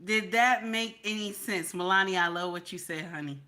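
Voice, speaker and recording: A married woman hosting her own channel, giving blunt, profane, animated commentary straight to her viewers. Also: mid-range voice, normal speed. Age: adult, married. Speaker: channel host.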